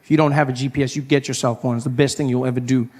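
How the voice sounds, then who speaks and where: A man from South Africa with a South African accent, doing animated stand-up storytelling and breaking into loud acted outbursts. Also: medium pitch, rapid-fire. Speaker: stand-up comedian.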